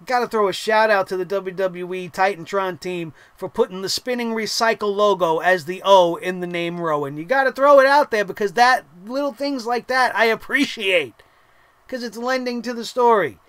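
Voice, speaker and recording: A young man hosting a wrestling show, giving a casual, animated recap full of profane, laughing asides. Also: high-pitched, moderate pace, smooth, dry recording.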